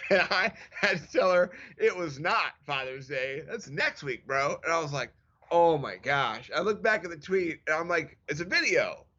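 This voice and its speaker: A man in his thirties co-hosting a casual fantasy football podcast, telling stories with lively acted-out quotes. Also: a little high, dull audio. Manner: animated storyteller, acts out quotes. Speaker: podcast co-host. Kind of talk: casual sports chat.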